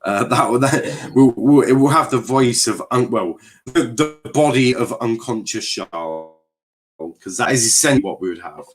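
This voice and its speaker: A young adult man with a medium-pitched voice talks at normal speed as a watchalong streamer. He casually commentates a live football match, swearing, cracking jokes and reading chat aloud.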